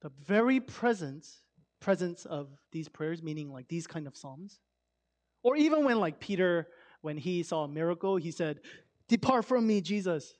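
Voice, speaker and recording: A man giving a sermon in a conversational, emphatic way, swinging between loud stresses and hushed asides. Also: on the high side, animated, normal speed. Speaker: pastor.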